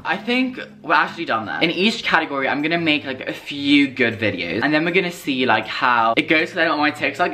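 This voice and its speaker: A young man with a British accent talking in a casual vlog, excitable, dramatic and sassy, swearing freely. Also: mid-range voice. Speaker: vlogger. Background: background music.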